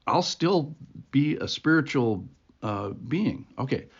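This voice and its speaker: A man with a gravelly, creaky voice at a middle pitch talks through a devotional reflection. His delivery is earnest, conversational and reflective, as if chatting with listeners. The recording sounds dull and lo-fi. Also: expressive, takes it slowly. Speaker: devotional podcast host. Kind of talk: informal devotional talk.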